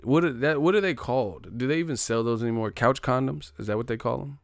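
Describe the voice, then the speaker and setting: Speaking quickly with vocal fry in a mid-range voice, the young man hosting this livestream sits close to the mic in an echo-free recording. He swears his way through stories in a joking, casual rant, calls out names from chat, and laughs loudly.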